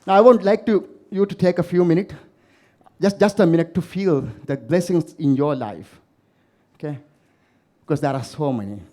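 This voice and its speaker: With a voice on the high side and a dark tone, a Maldivian keynote speaker talks at normal speed and pauses often. His motivational talk to a live audience is built on stories and questions aimed at the crowd.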